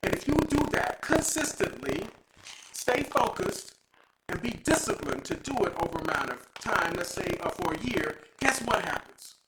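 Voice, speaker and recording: Animated, high-voiced male host. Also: moderate pace. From Texas. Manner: animated, playful, preachy storytelling. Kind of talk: lively live show talk. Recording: echoey room with loud noise.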